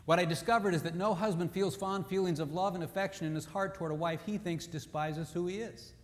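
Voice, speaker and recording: Animated high-voiced male preacher. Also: a little fast, in a large hall. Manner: animated, humorous storytelling. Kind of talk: sermon.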